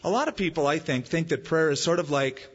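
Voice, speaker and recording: Male pastor, husky, a touch high, preaching casually with punch; dull recording, long hall echo. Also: a little fast. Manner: conversational preaching, lively emphasis. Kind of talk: sermon. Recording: muffled, echoey hall.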